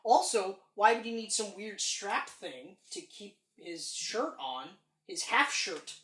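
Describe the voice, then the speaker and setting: A woman co-hosting a podcast, reviewing a film in casual chat, animated and emphatic, acting out lines and swearing freely. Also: mid-range voice, slow. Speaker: podcast co-host. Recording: roomy echo.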